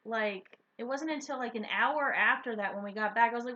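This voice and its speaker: A woman co-hosting a casual stream chat, telling stories in an animated way and laughing often. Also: fairly high pitch, quick pace, hardly any pauses. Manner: giggly, animated storyteller. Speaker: co-host. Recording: dull lo-fi stream audio with faint hiss.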